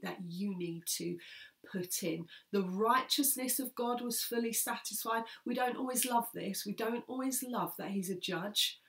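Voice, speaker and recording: A woman's voice: medium pitch, gravelly, a bit bright. A woman pastor preaching an earnest sermon, repeating key phrases for emphasis and sometimes dropping almost to a whisper.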